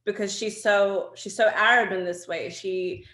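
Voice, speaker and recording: A woman, a guest in an interview, telling personal stories in an animated way with frequent laughs and fillers. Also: medium pitch, a little slow, reverberant. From Australia. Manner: animated storytelling, laughs often, many fillers. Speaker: guest artist. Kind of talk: candid conversational interview.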